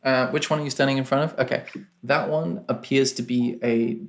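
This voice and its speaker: A man acting as game master of a tabletop game, narrating at a measured pace and thinking aloud as he describes things. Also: mid-range voice, steady tone.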